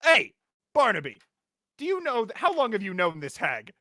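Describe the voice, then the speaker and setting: A man playing a tabletop game, loud and exasperated, swearing often. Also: high voice, huge pitch swings, normal speed. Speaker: player.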